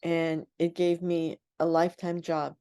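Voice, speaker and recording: Older woman, radio guest, lowish voice, animated storyteller who voices the people in her stories. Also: unhurried, smooth. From United States. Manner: animated storyteller acting out quotes.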